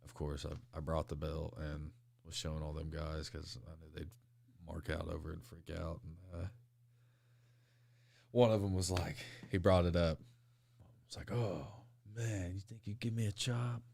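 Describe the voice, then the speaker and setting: A man guesting on a sports show as a pro wrestler, telling stories in a loose, animated way, laughing often and acting out the people he quotes. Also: a bass voice, moderate pace, gravelly, no echo. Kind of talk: casual storytelling interview.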